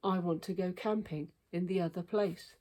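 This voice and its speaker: A woman's voice: lowish voice, steady tone, normal speed, warm tone, lightly acted. A woman doing a sulky, whiny young boy. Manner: sulky and demanding. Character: grumpy, whiny young boy who hates camping. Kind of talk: storybook read-aloud.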